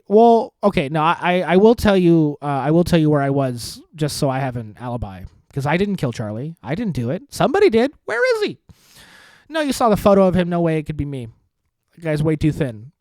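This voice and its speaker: A man hosting a podcast, rambling through sardonic dark jokes in a casual monologue. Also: a little high, dry recording. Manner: sardonic, dark deadpan humor with rambling asides. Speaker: podcast host.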